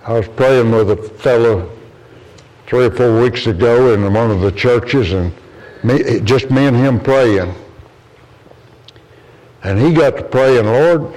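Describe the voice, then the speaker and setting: A man's voice: takes it slowly, long pauses, a little mellow, low-quality recording. A man preaching a sermon to a congregation in an earnest, storytelling way. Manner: earnest, storytelling, rises in pitch when quoting others.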